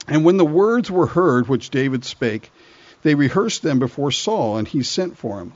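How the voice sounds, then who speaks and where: A man's voice: mid-range voice, darkish tone. A male preacher reads old scripture verses and then retells them in loose modern talk, chuckling as he goes. His voice sits in a middle register and comes through a slightly dull, lo-fi recording. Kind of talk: sermon reading and retelling scripture.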